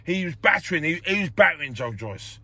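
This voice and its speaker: A man's voice: fairly high pitch, a little fast. A man hosting a casual boxing chat, blunt and repetitive, swearing freely. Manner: animated, blunt, swears freely, repeats himself. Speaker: host.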